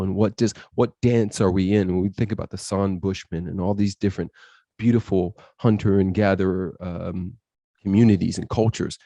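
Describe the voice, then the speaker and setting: Low-voiced man telling an intense story. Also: mellow, dry recording, highs cut off. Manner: intense, quotes his inner voice and others. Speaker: podcast guest.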